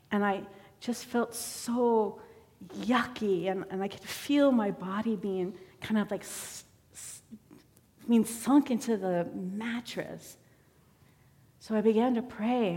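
A woman delivers a personal testimony from the pulpit, telling her story in an easy, conversational way. Her voice sits at a middling pitch. It rings out with the long reverb of a church hall. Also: darkish tone. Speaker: church member giving a sermon. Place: church sanctuary.

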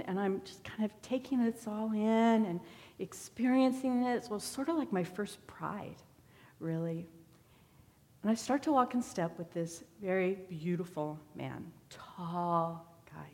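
A woman in her forties telling a personal story as a sermon in church, candid and quick with self-deprecating asides. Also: medium pitch, a little mellow. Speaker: church member giving a sermon. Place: church sanctuary. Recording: long hall reverb.

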